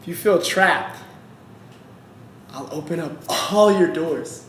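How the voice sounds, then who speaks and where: A man voicing God as a calm, gentle, fatherly deity, speaking softly and slowly. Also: on the high side, slight background noise, voice pushed down. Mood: gentle, reassuring. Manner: soft, hushed and slow. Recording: roomy echo.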